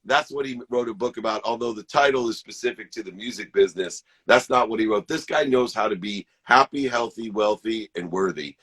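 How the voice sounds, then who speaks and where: Speaking fairly quickly with few pauses, this male co-host has a fairly low, slightly rough voice with a rather bright tone. He's enthusiastic and preachy in an energetic podcast chat, drifting into spiritual tangents.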